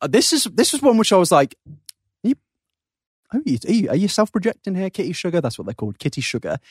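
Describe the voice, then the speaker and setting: Man in his twenties, podcast co-host, lively swooping pitch, dry close sound, jokey banter. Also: fast, breathy edge, no room sound. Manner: animated, jokey, jumps into mocking voices. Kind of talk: casual banter.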